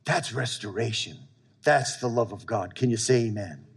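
A pastor with a lowish, gravelly, slightly rough voice preaches a sermon to his church at a moderate, animated pace. He's emphatic and repetitive, repeating lines and often calling on the congregation for an amen.

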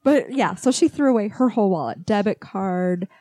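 A woman's voice: mid-range voice, animated, normal speed, mellow, dry recording. A middle-aged woman co-hosting a podcast, telling a family story and quoting what everyone said. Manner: chatty, quotes family members as she tells it. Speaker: podcast co-host. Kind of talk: casual storytelling chat.

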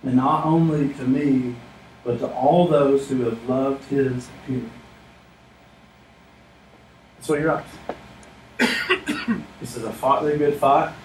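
A man's voice: mid-range voice, slow pace, pauses often, a little hiss or hum. A man preaching a sermon as a pastor, emphatic and earnest, often speaking a biblical figure's lines in first person. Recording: echoey room, mic at a distance.

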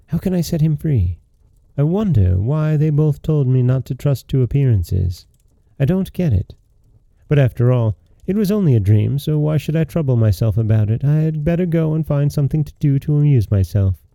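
A kind young heroine musing to herself in a storybook, her voice lifted only a little above the reader's own, as a man reads her. It has a warm, mellow tone with some gravel, recorded dry and close. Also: on the high side, sing-song, moderate pace, no room sound. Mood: pondering. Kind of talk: storybook reading.

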